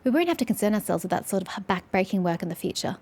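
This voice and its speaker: A woman's voice: medium pitch, sing-song, rapid-fire, a little mellow. A woman voicing a proud, hardworking male dock laborer in a game, boastful about his crew.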